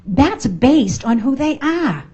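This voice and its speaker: A woman's voice: high voice, big pitch swings, slow pace, warm tone, husky, lo-fi sound. A middle-aged woman with a Boston accent giving an emphatic, playful motivational talk to a live audience at a networking event. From United States. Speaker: motivational speaker. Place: function room at a networking event.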